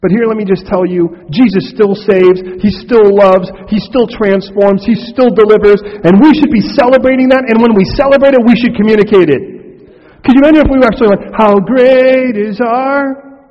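High-voiced husky man preaching a sermon. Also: fairly quick. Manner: animated, preaching with acted quotes and sung lines. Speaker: pastor. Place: church sanctuary. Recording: dull, hall-echoing church recording.

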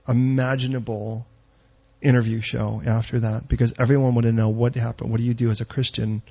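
A man's voice: mid-range voice, level tone, fast talker, vocal fry, husky, dull audio. A middle-aged man preaching a sermon, telling stories and rising to emphatic peaks. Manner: storytelling, rising to emphatic near-shouting peaks. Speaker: pastor.

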